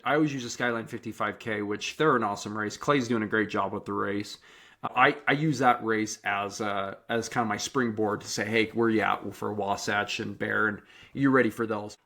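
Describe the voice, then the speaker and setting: A man hosting a running podcast, telling stories in a lively, chatty way with frequent restarts. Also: medium pitch. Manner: animated storytelling, many restarts. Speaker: podcast host and running coach. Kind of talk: casual interview chat.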